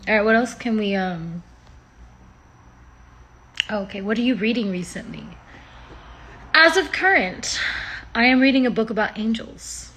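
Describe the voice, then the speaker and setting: A woman's voice: mid-range voice, normal speed, pauses often, husky. Woman, casual livestream chat, rambling, profane, laughs a lot, phone mic.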